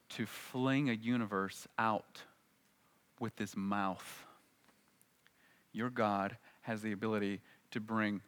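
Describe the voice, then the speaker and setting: Guy preaching, bright voice, acts out quotes, asks the crowd questions. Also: on the low side. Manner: animated preaching with acted-out quotes and rhetorical questions. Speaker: pastor. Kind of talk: sermon.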